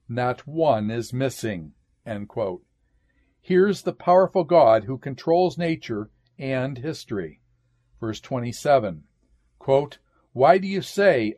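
A man giving a classroom lecture, reading out scripture passages in a measured way and marking each quotation with "quote" and "end quote". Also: medium pitch, darkish tone.

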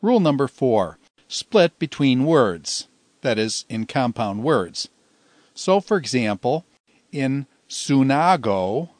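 Male teacher, mid pitch, patient explainer, dry close-miked lesson audio. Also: darkish tone, no echo. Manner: patient, slows down to sound out example words. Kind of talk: recorded language lesson.

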